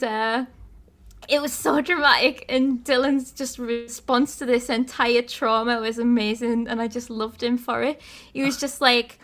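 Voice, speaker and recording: A woman podcast host, casually retelling a video game story with lots of laughter. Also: on the high side. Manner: animated storytelling, laughs often.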